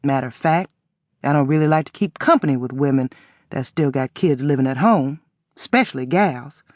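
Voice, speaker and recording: Man doing a wheezy old man, low weak voice, blunt and folksy, dry recording. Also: moderate pace, darkish tone, dry recording, lightly acted.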